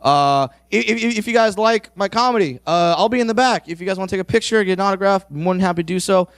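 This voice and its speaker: A man's voice: high voice, fast, dry recording. A man doing a stand-up set, brash and crude, working the crowd and teasing audience members from the stage. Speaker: stand-up comedian. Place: on stage at a comedy club.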